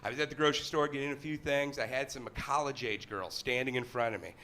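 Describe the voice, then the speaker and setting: Bright-voiced man doing stand-up. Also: mid-range voice, quick pace. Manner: sarcastic, playful storytelling. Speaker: stand-up comedian. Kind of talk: stand-up comedy set.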